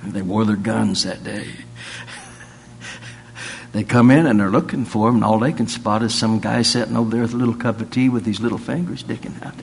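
A man's voice: fairly low pitch, steady tone, fairly quick, vocal fry, slight background noise. A man preaching, telling folksy stories and rising to fervent declarations. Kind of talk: sermon with folksy storytelling.

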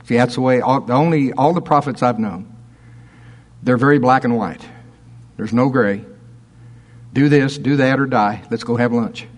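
A man's voice: medium pitch, moderate pace, long pauses. A man preaching a sermon, reading scripture aloud and breaking off into chuckling asides.

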